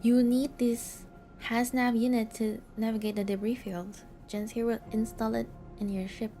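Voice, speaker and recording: A woman's voice: fairly high pitch, flat delivery, moderate pace, warm tone, faint music behind, natural voice. A woman doing a firm strike leader. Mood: commanding. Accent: Mexican Spanish accent put on. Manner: firm, commanding speech. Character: defiant strike leader rallying miners. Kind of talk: reading game dialogue aloud.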